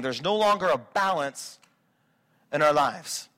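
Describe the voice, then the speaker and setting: A man preaching a sermon as a pastor, swinging between quiet reflection and loud, driving emphasis. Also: a little high, lively intonation, unhurried.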